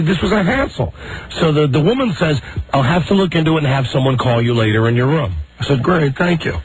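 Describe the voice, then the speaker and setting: A man's voice: on the high side, slightly rough, low-quality recording. Guy on talk radio telling a story, exasperated, voice jumping all over the place, does the people he's quoting. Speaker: radio show host.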